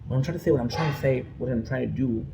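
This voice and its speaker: A man's voice: mid-range voice, very fast, vocal fry, background noise. A man vlogging an emotional personal rant, rambling and frustrated, often restarting his sentences.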